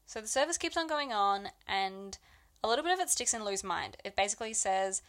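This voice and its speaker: A woman's voice: medium pitch, very animated, fairly quick, a bit bright. A young woman chatting animatedly about a novel with a friend, teasing and laughing often. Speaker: book podcast co-host. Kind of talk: casual chat about a novel.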